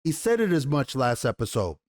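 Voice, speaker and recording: A man giving a casual, animated TV episode review in slangy talk, often repeating himself. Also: mid-range voice, brisk. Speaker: TV show reviewer.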